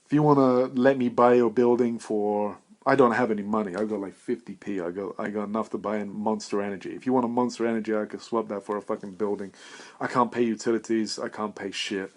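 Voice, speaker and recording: A man's voice: lowish voice, fairly even intonation, quick pace. Young guy, solo podcast rant, meandering and foul-mouthed, self-mocking. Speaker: podcast host. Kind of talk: rambling solo monologue.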